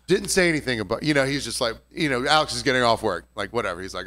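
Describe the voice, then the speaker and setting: A man spins a story in loose podcast banter, his pitch leaping up and down as he goes. He swears freely and keeps the telling lively, with a mid-range voice. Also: very fast, hardly any pauses. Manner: profane, animated storytelling. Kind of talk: casual podcast chat.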